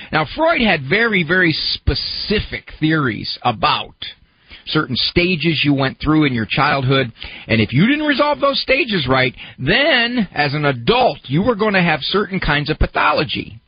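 A man's voice: fairly high pitch, big pitch swings, normal speed, slightly rough, no echo, highs cut off. A man giving a conversational talk on psychology, working through everyday examples and posing questions to the listener. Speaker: speaker on psychology and self-help. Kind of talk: conversational lecture.

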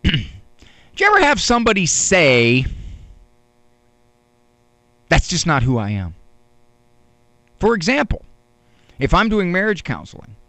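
A man with a fairly high, gravelly voice tells a wry story in an unhurried monologue. His delivery is deadpan and full of pauses, and his pitch ranges widely. The sound is dry and close. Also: dry recording. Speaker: counselor and speaker.

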